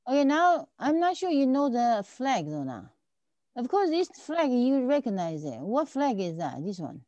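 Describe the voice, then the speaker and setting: Tutor, woman, lively up-and-down voice, patient and repetitive, dull dry sound. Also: a little high, a little slow, no echo. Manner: patient, repeats and checks understanding often. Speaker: Chinese language teacher. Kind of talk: online tutoring lesson.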